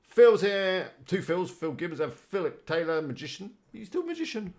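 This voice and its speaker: A man's voice: high-pitched, animated, normal speed, darkish tone. A man chatting casually on a live stream, rambling and greeting viewers by name. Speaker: live-streaming website builder.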